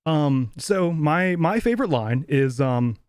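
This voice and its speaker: A man's voice: on the high side, lively intonation, a little slow, darkish tone, clear, resonant tone, no echo, studio quality. A young man co-hosting a podcast, chatting casually about a movie, rambling, laughing often and swearing loosely. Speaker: podcast co-host. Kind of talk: casual movie review chat.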